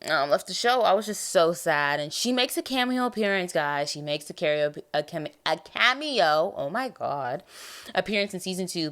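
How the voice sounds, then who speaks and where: A tired young American woman hosting a podcast, chatting casually about a TV show in a rambling, animated way. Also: deep voice, moderate pace, creaky. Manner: rambling, animated, trails off and restarts. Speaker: podcast host. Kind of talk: casual TV review chat.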